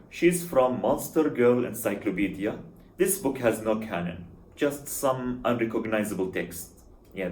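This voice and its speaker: A man's voice: mid-range voice, a little mellow. A man giving scripted voice-over commentary in a wry, sarcastic manner. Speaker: YouTube commentator. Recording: echoey room.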